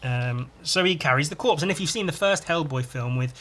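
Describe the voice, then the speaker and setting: A man's voice: on the high side, expressive, a little fast, a bit bright. A man hosting a podcast, chatting casually and enthusiastically while reading a comic and adding his own sound effects. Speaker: podcast host.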